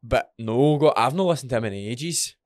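A young Scottish man co-hosting a podcast in casual chat, sweary and animated, working himself up as he talks. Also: medium pitch, normal speed, dry recording, studio quality. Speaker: podcast co-host.

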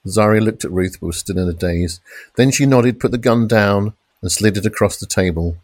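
A man reads a police thriller in steady, dramatic narration. His voice sits on the low side and sounds dry and close, with no room around it. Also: dry recording. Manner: measured, dramatic crime reading with shouted police lines. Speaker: audiobook narrator. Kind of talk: scripted narration.

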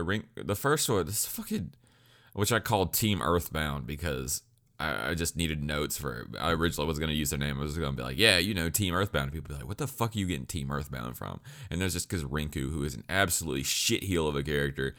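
Very deep-voiced rambling man. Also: brisk, a bit bright. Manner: rambling, joking, sweary. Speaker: anime reviewer. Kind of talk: casual rambling commentary.

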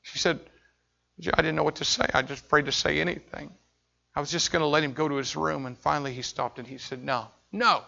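A man preaching a sermon as pastor, telling a story with intense swings from shouting to hushed tones. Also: fairly high pitch, fast, creaky, muffled recording.

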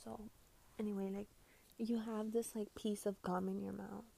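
A woman vlogging her reactions to posts in a casual, profane rant, swinging between loud outbursts and muttered asides, full of "like". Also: medium pitch, flat delivery, moderate pace, gravelly, slight background noise. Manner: heavy swearing and filler "like".

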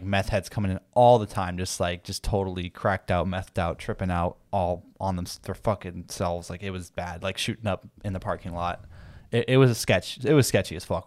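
A man's voice: low-pitched, no echo, studio quality. A man in his twenties hosting a podcast, telling a profane story in a loose, laughing chat. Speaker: podcast host.

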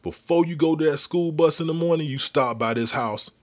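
A man's voice: on the high side, fairly quick, pitched above the performer's own voice, natural voice. A man voicing his protective, hard-edged uncle, barking commands in a raised voice. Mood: gruff.

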